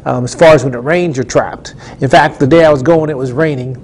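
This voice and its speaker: A man's voice: mid-range voice, brisk, darkish tone, slight background noise. A man preaching in a studio, telling a testimony earnestly and with emphatic repetition. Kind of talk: storytelling sermon testimony.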